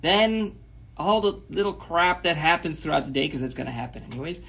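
A man's voice: fairly high pitch, animated, brisk, gravelly, fairly bright tone, breathy edge. A man co-hosting a talk show, explaining his points in a reflective, casual way. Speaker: co-host. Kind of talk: casual chat.

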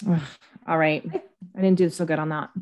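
A woman co-hosting a casual chat show, making her guesses aloud in an unhurried, thinking-out-loud way. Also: sits low, level tone, muffled recording. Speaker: co-host.

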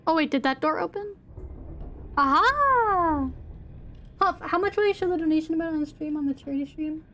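Young woman streaming a scary game, chatty, high-pitched, swears a bit. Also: fairly even intonation, rapid-fire. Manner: chatty, swears, answers chat. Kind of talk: casual gaming stream chat.

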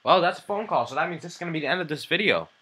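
A man's voice: on the high side, animated, background noise. A man hosting a casual video, chatting and teasing in a playful way. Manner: playful, teasing, quick asides. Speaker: channel host. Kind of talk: casual joking chat.

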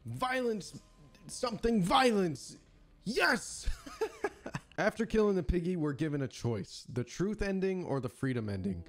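Excitable young man with a high, lively voice. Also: moderate pace, soft background music. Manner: excitable, yells at the game, casual swearing. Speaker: gaming YouTuber. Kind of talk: let's-play commentary and voice-over.

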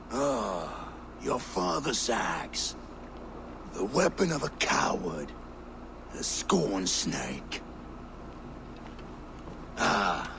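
An actor playing a cruel, mocking male viking warlord with a gravelly voice, in game audio with noise behind. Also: lowish voice, exaggerated voice. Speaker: villain.

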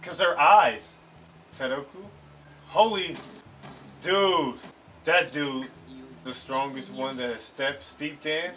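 A man hosting an anime reaction video, talking in an excitable, slangy way and swearing freely. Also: a little high, slow, pauses often, slight background noise. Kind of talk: casual reaction commentary. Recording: slightly distant mic, faint show audio.

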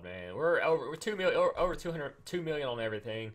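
A man giving casual, excitable gameplay commentary, repeating himself and acting mock-angry. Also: fairly high pitch, fast. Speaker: gaming YouTuber.

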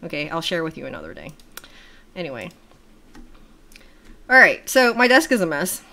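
A woman's voice: low voice, wildly swooping pitch, moderate pace, vocal fry, sharp tone, slight background noise. A young adult woman hosting a casual reaction livestream from her home desk, chatty, laughing often and swearing casually.

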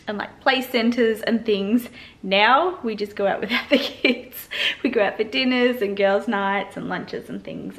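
A chatty woman vlogger talks to camera in a bubbly, easygoing way. Her voice sits at a middle pitch for a woman. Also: fairly bright tone. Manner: bubbly, chatty, coos baby talk to her dog. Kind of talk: casual vlog chat.

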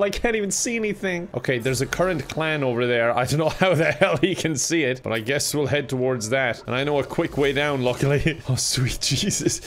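An excitable man hosting a let's play, laughing often and mocking himself as he plays. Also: medium pitch, brisk, few pauses, a little hiss or hum. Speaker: gaming host.

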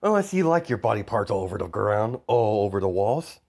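A man's voice: fairly low pitch, very animated, brisk, creaky, a little mellow, heavily acted. A man doing a gleeful villain boy, Joker's son. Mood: taunting. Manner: taunting, cheerful menace.

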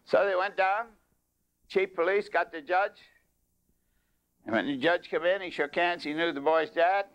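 A man's voice: a little slow, long pauses, a bit bright, smooth. An older man preaching a sermon in a folksy way, telling a long personal story. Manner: folksy, rises in pitch when telling stories. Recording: dull lo-fi tape.

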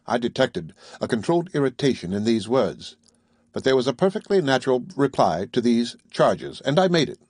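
Husky-voiced male audiobook narrator. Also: mid-range voice, very animated, a little fast, a little mellow, no echo, studio quality.

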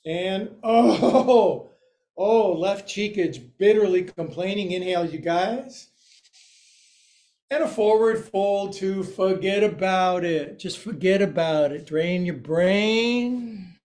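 This is a male yoga teacher with a fairly high voice, talking slowly and deliberately. He calls out the poses in a playful, joking way and keeps dropping silly asides into the class. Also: a little mellow. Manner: playful, jokey cueing with asides. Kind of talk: live yoga class instruction.

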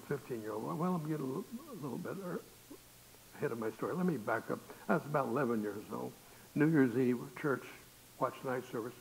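A man's voice: medium pitch, rough recording. An older male pastor, telling a folksy storytelling sermon and acting out the voices in his tales. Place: church. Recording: hissy recording with faint noise.

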